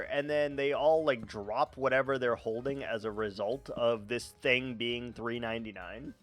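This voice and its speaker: A man's voice: medium pitch, steady tone, moderate pace, few pauses, fairly bright tone. A man chatting casually while streaming a game, rambling, swearing freely and talking to his chat. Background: faint background music.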